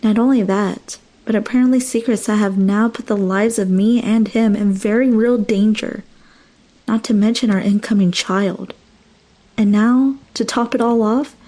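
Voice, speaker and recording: A woman's voice: medium pitch, warm tone. A young woman narrating a first-person horror story with dramatic, emotional delivery.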